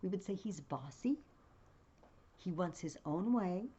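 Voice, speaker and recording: A woman's voice: fairly low pitch, expressive, a little slow, warm tone, husky, highs cut off. A woman teaching a play, reading passages aloud with feeling and then explaining them in a casual way.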